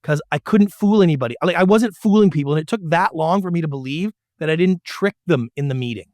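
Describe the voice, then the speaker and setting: In a storytelling interview, a middle-aged man who once produced TV acts out quotes in different voices as he recounts his experiences. He speaks fast with a fairly high pitch, on a dry, studio-quality recording.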